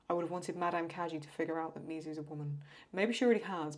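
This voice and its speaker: This young woman from England talks rapid-fire with hardly any pauses, her low-pitched voice steady and darkish. Hosting a casual drawing session, she rambles, mutters to herself and answers what viewers ask.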